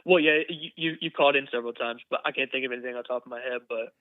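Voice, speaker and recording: A man's voice: mid-range voice, very fast, no room sound. Stammering young man on a phone line. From Texas. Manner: stammers and repeats words, earnest. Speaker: caller. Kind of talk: phone-in conversation.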